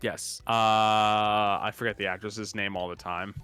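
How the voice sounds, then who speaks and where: A man's voice: fairly low pitch, unhurried, clean tone, soft background music. A man co-hosting a live stream in casual chat, rambling and laughing often. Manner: rambling, animated, laughs often, restarts words. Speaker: streamer co-host.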